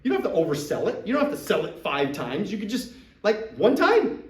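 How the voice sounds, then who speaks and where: A man's voice: sits high, a little fast, reverberant, far from the mic, low-quality recording. A man coaching recruits in a live talk to a group, acting out sales dialogues. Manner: animated, acts out sales dialogues. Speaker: business trainer coaching recruits.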